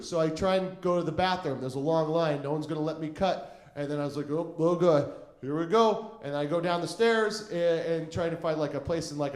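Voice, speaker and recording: A man's voice: on the high side, a little mellow, roomy sound. A young man telling a rambling stand-up story on a comedy stage, full of fillers and acted-out quotes.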